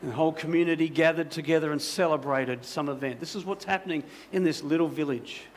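A man's voice: fairly high pitch, quick pace, slight background noise. A man preaching as a pastor, telling a story in a conversational sermon style with many asides to the congregation.

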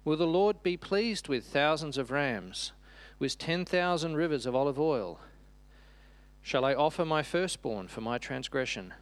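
Little girl reading scripture slowly, a man putting it on, bouncy up and down pitch. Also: no echo. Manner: slow, careful reading.

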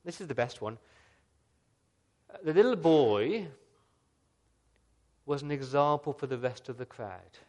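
A man preaching a sermon as a pastor, earnest, asking the listeners questions and swinging between loud emphasis and soft, quiet lines. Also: medium pitch, animated, measured pace, pauses often.

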